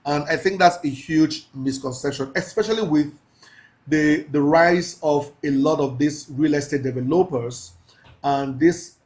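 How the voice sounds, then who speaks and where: A man teaching a mentorship class, talking in a preachy, emphatic way, slowing down to stress key phrases and laughing with his students. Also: on the high side, darkish tone. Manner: laughs often, casual asides to the class. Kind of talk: live class lecture.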